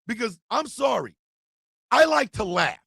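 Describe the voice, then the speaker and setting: A man's voice: very high-pitched, big pitch swings, measured pace, gravelly, very noisy. A man hosting a comedy podcast, ranting in a profane, mocking way with bursts of laughter, close on the mic. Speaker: podcast host. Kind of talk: comedic rant.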